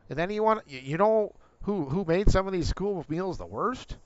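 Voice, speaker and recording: A man's voice: sits high, animated, moderate pace, hardly any pauses. Profane ranting middle-aged midwestern man. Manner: profane, ranting, rising to angry outbursts. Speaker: gaming livestream host. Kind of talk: casual rant while streaming. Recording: dull lo-fi stream audio with faint vehicle hum.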